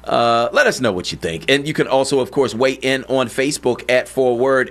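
A man hosting a talk show, chatting in an animated way and often checking in with "you know what I'm saying". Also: mid-range voice, moderate pace, hardly any pauses. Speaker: podcast host. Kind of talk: casual chat.

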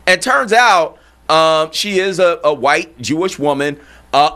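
A male radio talk show host delivering a monologue, animated and incredulous, firing off rhetorical questions. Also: a little high, a little slow.

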